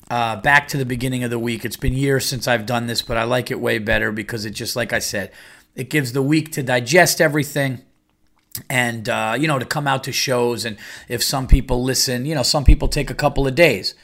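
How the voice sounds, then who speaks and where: A middle-aged man hosting his own podcast, talking loosely and profanely with plenty of fillers. His voice sits in a middle pitch with a bright, forward edge. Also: steady tone, brisk. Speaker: podcast host. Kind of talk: casual solo podcast chat.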